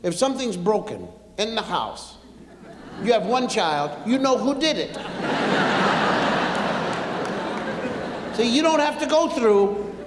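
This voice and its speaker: A male comedian telling a family story on stage, unhurried and chatting directly with the audience. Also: very high voice, sing-song, background noise. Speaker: stand-up comedian. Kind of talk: stand-up storytelling. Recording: echoey hall with long reverb.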